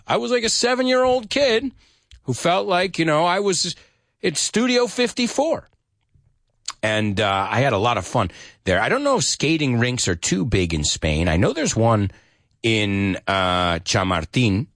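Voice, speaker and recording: A man's voice: fairly high pitch, fairly bright tone, no room sound, clean studio sound. A man teaching English to Spanish speakers, explaining song lyrics, singing short snippets and translating into Spanish.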